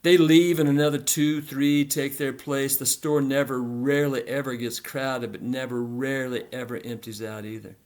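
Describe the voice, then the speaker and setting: A man narrating a literary story in a rhythmic, repetitive, deliberate delivery. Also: mid-range voice, little pitch movement, darkish tone.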